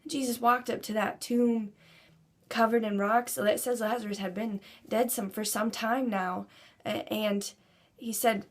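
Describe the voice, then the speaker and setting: A woman's voice: a little high, steady tone, measured pace. Earnest woman giving a devotional talk. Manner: earnest, building to emphatic preaching. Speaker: Christian speaker.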